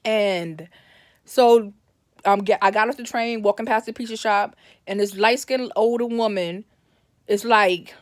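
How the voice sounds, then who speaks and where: A woman's voice: mid-range voice, measured pace, no room sound, studio quality. A woman telling a personal story in a casual, rambling way, often correcting herself and livening up when she quotes her family. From Brooklyn, New York.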